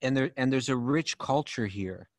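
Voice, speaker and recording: A man's voice: mid-range voice, lively intonation, normal speed, no echo. Affirming man, dry close sound. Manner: affirming, chimes in briefly. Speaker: podcast co-host. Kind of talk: casual spiritual chat.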